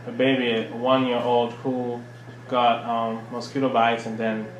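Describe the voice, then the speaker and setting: A man asks a question from the audience, halting and searching for words. His voice is flat and sounds distant in an echoey, noisy room. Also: mid-range voice, highs cut off. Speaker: audience member. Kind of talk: asking a question.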